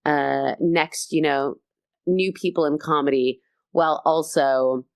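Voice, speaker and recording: A Canadian woman comedian in a casual interview, telling stories with energy and quick restarts. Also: sits low, fairly even intonation, no room sound, clean studio sound. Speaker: comedian guest.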